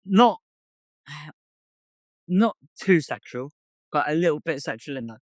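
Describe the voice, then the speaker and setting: A man's voice: fairly high pitch, animated, a little slow, no echo. A young man co-hosting a casual podcast, telling a story by reading out text messages and swearing often. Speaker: podcast co-host. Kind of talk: casual chat.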